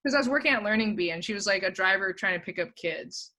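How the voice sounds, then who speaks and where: A woman's voice: medium pitch, animated, fast, pushed and bright. A young adult woman, a podcast guest, chatting casually and reflectively, with lots of "like" fillers. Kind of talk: casual chat.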